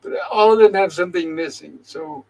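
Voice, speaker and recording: A man's voice: high voice, fairly quick, mellow, muffled recording. A man hosting a casual show, retelling an episode's scenes in an easygoing way and reading characters' lines aloud. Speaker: host.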